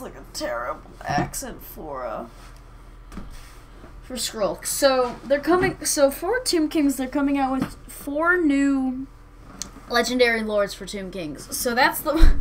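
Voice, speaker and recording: A gaming channel host with a voice on the high side plays a strategy game, commenting casually in a rambling, hesitant manner and constantly correcting herself. The recording is rough, with a little hiss or hum.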